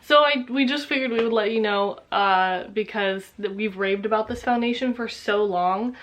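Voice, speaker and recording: A young woman co-hosting a makeup vlog, low-key and laughing along. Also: moderate pace, a bit bright. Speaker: beauty vlogger co-host. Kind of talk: casual makeup chat.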